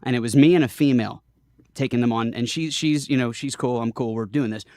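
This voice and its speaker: A man's voice: mid-range voice, a little fast, a little mellow, dry recording, clean studio sound. A man guesting on a podcast, telling a story in casual chat, laughing often and quoting people in his own voice.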